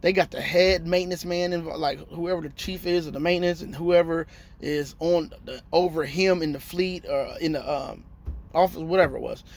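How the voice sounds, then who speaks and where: A man's voice: a little high, steady tone, moderate pace, creaky. A man in his thirties, a truck driver telling a story in a casual, slangy vlog and acting out his phone calls.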